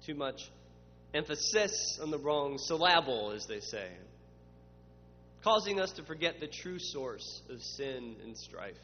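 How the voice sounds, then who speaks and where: A man's voice: fairly high pitch, very animated, a little slow. Man preaching in a reverberant church. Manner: dramatic voices for quoted questioners, builds to emphatic lists. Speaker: pastor. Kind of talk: sermon. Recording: muffled, with long reverb and faint hum.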